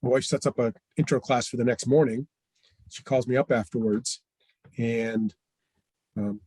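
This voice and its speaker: A middle-aged man telling stories in an interview, who acts out the lines of the people in them with lively changes of voice. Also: mid-range voice, moderate pace, pauses often, slightly rough, no room sound. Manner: animated, acts out quoted dialogue. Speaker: franchise owner guest. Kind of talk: storytelling interview chat.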